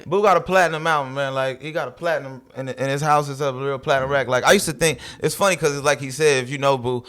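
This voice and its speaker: A man's voice: mid-range voice, fairly even intonation, fast, a bit bright. A man, a comedian guest, telling a story in loose slangy talk, swearing and laughing as he goes. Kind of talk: animated storytelling with quoted voices.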